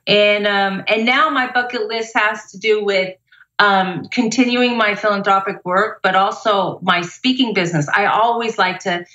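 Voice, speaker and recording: A middle-aged woman with a bright, forceful voice tells a lively story as a motivational speaker. She sounds upbeat and energetic, and her voice carries through an echoey room. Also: medium pitch, normal speed, highs cut off. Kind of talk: casual interview storytelling.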